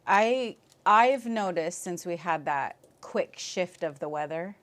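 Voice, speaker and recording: Slow, patient woman language teacher. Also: on the low side, lively intonation. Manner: patient, repeats words slowly for learners. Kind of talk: classroom language lesson.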